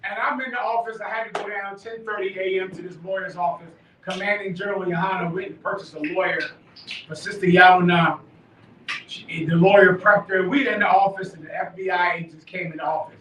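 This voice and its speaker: High-voiced preacher, emphatic, in an echoey room. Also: male voice, steady tone, fairly quick, far from the mic, a little hiss or hum. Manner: emphatic, swings from quiet to shouting, laughs and swears. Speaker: class leader. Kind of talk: fiery live preaching to a class. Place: live meeting room.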